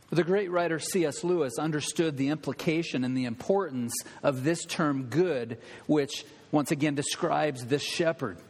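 A male pastor preaching a sermon, conversational and animated, sometimes dropping to quiet emphasis. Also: on the high side. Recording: long reverb of a church hall.

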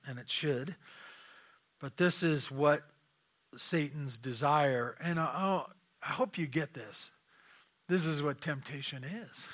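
A man's voice: a little high, bright, forceful tone. A man preaching a conversational sermon, asking rhetorical questions and often repeating his words.

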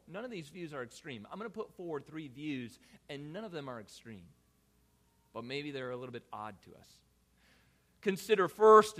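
A man preaching a sermon as pastor, swinging from loud emphatic lines to quiet low asides and building points through repeated phrases.

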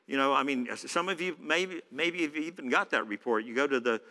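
A man's voice: mid-range voice, a little fast, bright, forceful tone. A man preaching a sermon in a church, conversational, with many fillers. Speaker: pastor. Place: church hall. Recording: echoey church hall.

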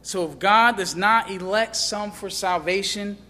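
A man preaching a sermon with impassioned delivery, rising to loud questions and dropping low for emphasis. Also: measured pace, big-room sound. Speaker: pastor.

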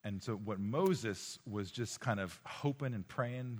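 A man delivering a sermon to a room of young people, his low-pitched voice swinging between loud, urgent exhortation and quiet, hushed lines. He often repeats words and restarts phrases as he speaks. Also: slow, husky. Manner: impassioned, rising and falling between loud exhortation and hushed tones. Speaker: preacher. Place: room with a live audience.

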